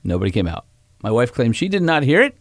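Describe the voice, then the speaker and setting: An animated man co-hosting a podcast, telling stories with lively, swooping pitch and a slightly strained voice. He acts out quotes as he goes. The sound is dry and close, with no room echo. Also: quick pace. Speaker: podcast co-host. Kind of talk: casual chat.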